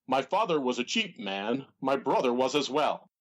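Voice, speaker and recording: A man's voice: medium pitch, sing-song, normal speed. A man impersonating an aging ex-wrestler who recites cheap poems and plugs his merchandise, in a comedy podcast. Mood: reciting. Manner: sing-song poem recitation, earnest sales plugs. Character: aging male ex-wrestler poet, cheap and self-promoting.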